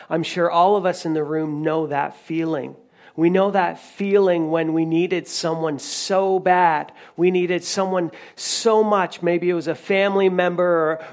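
A man preaching a sermon in a conversational way, retelling a story with frequent restarts. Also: fairly high pitch. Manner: conversational preaching with many restarts and retold dialogue. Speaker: pastor.

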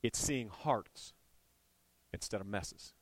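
A man's voice: fairly low pitch, takes it slowly, no room sound. Impassioned male pastor preaching. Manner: animated, rising to impassioned shouting. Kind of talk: sermon.

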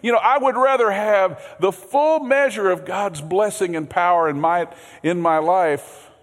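Earnest pastor preaching in a reverberant sanctuary. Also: male voice, unhurried. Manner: earnest, repeats words, swings between loud emphasis and hushed lows. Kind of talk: sermon. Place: church sanctuary. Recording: long hall reverb.

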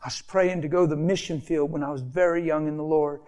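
A man's voice: on the high side, steady tone, fast talker, dark tone. A man preaching an impassioned sermon, repeating phrases for emphasis and dropping to a near whisper. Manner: emotional, with rhetorical repetition and sudden drops to a near whisper.

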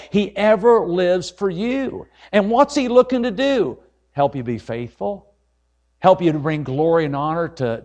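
A man's voice: a little high, darkish tone. A man preaching a sermon as an evangelist, fervent and folksy, often calling his listeners folks and rising to emphatic peaks. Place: church service.

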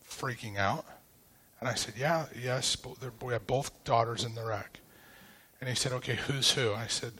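A middle-aged pastor recounts a family ordeal in a sermon. He speaks haltingly, restarting sentences as the emotion catches him. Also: medium pitch, fairly bright tone, breathy edge. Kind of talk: personal testimony in a sermon.

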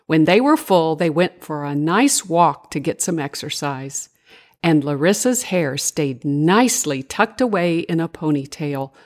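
An older woman narrating a children's bedtime story in a gentle, singsong way. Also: low-pitched.

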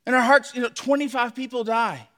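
A man who is a pastor, telling a personal story in a sermon, animated and acting out his own shouts. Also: very high-pitched, a little fast. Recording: long hall reverb.

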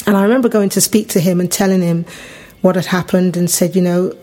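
Middle-aged English woman, podcast host, animated storyteller who jumps high when quoting others. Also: fairly quick. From England. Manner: animated, acts out quoted voices with big pitch jumps. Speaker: podcast host sharing her testimony. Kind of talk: personal storytelling.

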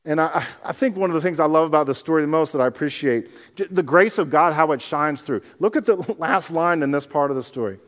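A man, a pastor, preaching a sermon, animated and acting out scenes from the Bible in other people's voices. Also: a little high, quick pace, hardly any pauses, long reverb tail.

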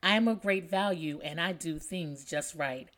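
A woman's voice: lowish voice, normal speed, fairly bright tone, lightly acted. A woman voicing a proud, boastful gold vessel in a read-aloud poem. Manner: proud, self-praising.

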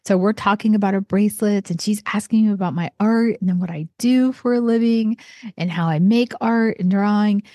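A woman artist from southeastern Ohio talking casually and warmly about what inspires her, rambling with many fillers and restarts. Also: medium pitch, fairly quick, no room sound, studio quality. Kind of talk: casual personal monologue.

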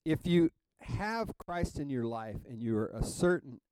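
A male pastor delivering a sermon at an unhurried, deliberate pace. He leans hard on key words and reads hymn lines aloud with growing emphasis, calling for amens. The recording is close and dry. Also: medium pitch, lively intonation, warm tone, smooth, no echo, low-quality recording. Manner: asks the congregation for amens.

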